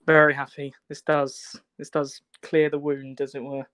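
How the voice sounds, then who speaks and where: A sim racing driver talks through his race in an even, flat tone. The sound is dry and close. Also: a little high, normal speed, clear, resonant tone, no echo. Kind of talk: post-race interview.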